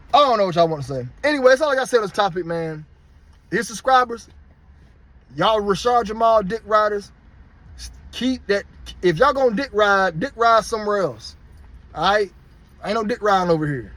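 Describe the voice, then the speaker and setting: Blunt, high-pitched man ranting. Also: fairly bright tone, dry recording. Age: 30s. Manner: blunt, heated, profane. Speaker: vlogger. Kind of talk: casual rant to camera.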